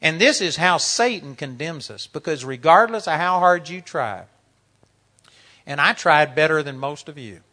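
A man in his sixties preaching a sermon, telling stories in an animated way and often laughing as he talks. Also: a little high, normal speed. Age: 60s. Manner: animated storytelling, laughing through anecdotes.

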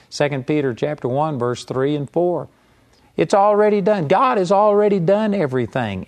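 A man's voice: fairly high pitch, darkish tone. A man preaching a teaching sermon, earnest and direct, with a live audience present. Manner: earnest, mimics whiny pleading voices in quotes.

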